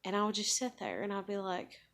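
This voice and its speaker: A woman's voice: mid-range voice, very animated, brisk, a bit bright. A woman in her thirties venting in a rambling, casual monologue, frustrated and swearing often. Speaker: vlogger.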